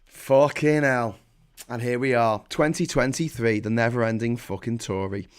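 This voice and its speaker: A man's voice: medium pitch, fairly even intonation, normal speed, clean tone. A man hosts a live stream and rants about politics, swearing heavily and getting heated. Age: 40s. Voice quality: profane, heated. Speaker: livestream host. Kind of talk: angry political rant.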